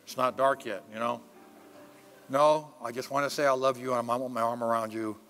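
An older man, a pastor, preaching a sermon in a church sanctuary and telling personal stories, swinging between loud preaching and hushed asides. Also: mid-range voice, fairly even intonation, brisk, soft background music.

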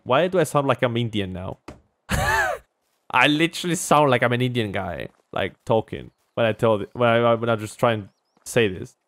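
A man giving casual gameplay commentary as a gaming YouTuber, talking to himself and jumping from loud outbursts to mumbling. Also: mid-range voice, huge pitch swings, moderate pace, dry recording.

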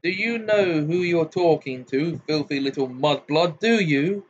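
A man's voice: on the high side, normal speed, slight background noise, voice pushed up, lightly acted. A man voicing a furious, scornful old wizard father who bellows and jeers in a muffled home recording. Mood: raging. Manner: bellowing, jeering, snarling.

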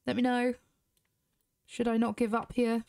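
A woman's voice: a little high, flat delivery, a little slow, vocal fry, darkish tone, smooth, dry recording, clean studio sound. A British woman chatting casually to her viewers while playing a horse game, asking questions and musing aloud. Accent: British English. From Britain. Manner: chatty, talks straight to viewers. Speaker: gaming YouTuber. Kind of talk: casual gameplay commentary.

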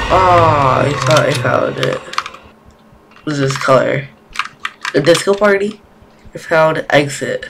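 A gaming video creator plays a horror game on stream, jumpy and repeating himself whenever he's scared. His voice is on the high side, slow, gravelly and fairly bright, with lively intonation and long pauses. Keyboard typing can be heard behind him.

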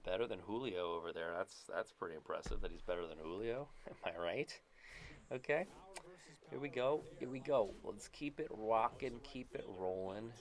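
A man with a fairly low voice calls his own baseball video game as he plays, keeping up a running commentary. He is excitable and jokey, throwing out playful trash talk between plays. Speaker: gaming YouTuber. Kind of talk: live gameplay commentary.

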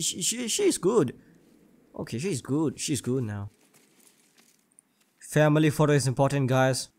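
A young man commentating his gameplay in a joking, excitable way, swearing often. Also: medium pitch. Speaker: gaming channel host.

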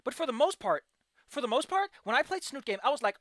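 Woman streamer, fast and excitable, frustrated game critique, dry close mic. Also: high voice, no echo. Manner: animated, excitable outbursts. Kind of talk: casual livestream commentary.

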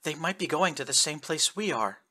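A man's voice: on the high side, animated, moderate pace, pushed and bright, pitched above the performer's own voice. A man reading aloud, voicing a young woman space traveler in a raised, strained, breathless voice. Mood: worried.

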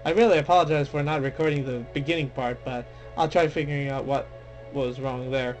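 A young man commenting casually on a game he plays, excitable and dramatic, mocking himself, with game music behind. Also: medium pitch, brisk. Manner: excitable, dramatic, self-deprecating. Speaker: let's play gamer. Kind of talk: casual game commentary, reading dialogue aloud. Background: faint game music.

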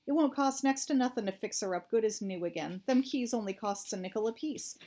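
A woman voicing an excitable, folksy young country man who talks in a rustic drawl. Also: a little high, a little fast, lightly acted. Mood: aggrieved.

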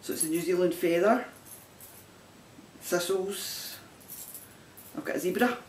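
A woman's voice: lowish voice, unhurried, a little mellow. Chatty Scottish woman in a roomy space. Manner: chatty and rambling, with frequent laughs. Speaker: knitting vlogger. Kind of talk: casual chat showing items to camera. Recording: roomy sound from a distant mic with faint background noise.

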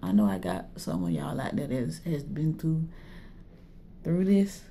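Nervous low-voiced woman. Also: very animated, a little slow, vocal fry, dark tone, a little hiss or hum. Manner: nervous, laughing between phrases. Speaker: vlogger. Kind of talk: casual vlog chat. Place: clinic waiting room.

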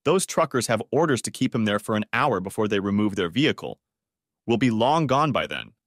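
A man's voice: on the low side, big pitch swings, brisk, no echo, studio quality. A man voicing a scheming crook in an audiobook, cocky in his plans. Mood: smug. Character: scheming man, smug turning panicked.

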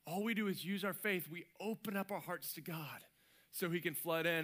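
A man preaching a sermon as pastor, animated and lively, acting out little voices and sound effects. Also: high-pitched, moderate pace. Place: church stage.

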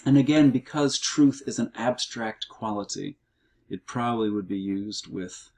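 A middle-aged man teaching Greek in a recorded homework walkthrough, explaining slowly and carefully with the odd um and uh. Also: lowish voice, creaky, darkish tone. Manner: slow, measured explaining with fillers.

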